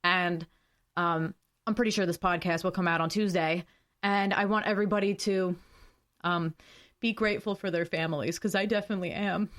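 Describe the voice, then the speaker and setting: A woman's voice: medium pitch, steady tone, moderate pace. A young woman hosting a solo podcast, talking earnestly and emotionally, rambling with fillers and sometimes reading notes aloud. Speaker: podcast host.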